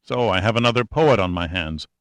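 A man's voice: lowish voice, animated, brisk, no room sound, natural voice. A man reading an audiobook who voices an urgent, determined male military major, insistent and pressing. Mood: wry, resolute.

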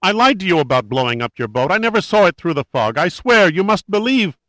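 A man voicing a terrified man who pleads frantically in a high, near-screeching voice. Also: animated, moderate pace, bright, forceful tone, no room sound. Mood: frantic. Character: man feigning panicked, shrieking terror.

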